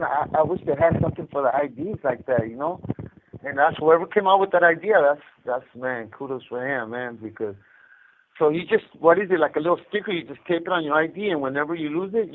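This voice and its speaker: A man calling in from prison, telling stories in a loose, swearing, animated way over the phone. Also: a little high, fairly quick. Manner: animated storyteller, heavy swearing. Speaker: incarcerated caller. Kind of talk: casual phone chat. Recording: tinny prison phone line.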